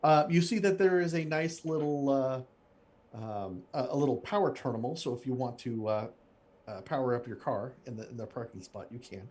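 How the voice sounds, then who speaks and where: A man's voice: mid-range voice, animated, brisk, a little mellow. Hesitant game master man. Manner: hesitant, many fillers and restarts while describing scenes. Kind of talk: narrating a tabletop game.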